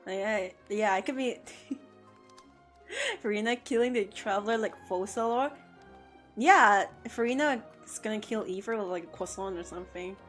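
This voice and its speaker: A woman's voice: mid-range voice, expressive, moderate pace, fairly bright tone, faint music behind. A woman art streamer in casual live-stream chat, playful and joking, often laughing.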